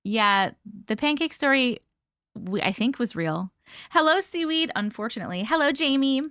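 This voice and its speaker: A woman's voice: high-pitched, expressive, normal speed, a bit bright, no room sound, studio quality. A young woman hosting a casual livestream, greeting viewers by name and chatting, short on sleep. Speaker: livestream host. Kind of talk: casual live-stream chat.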